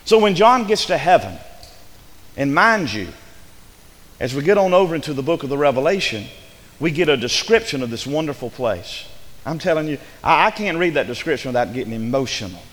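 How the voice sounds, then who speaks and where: A man's voice: a little high, very animated, fairly quick, fairly bright tone. A man preaching a sermon, asking his congregation rhetorical questions with rising fervor. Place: church. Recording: long hall reverb.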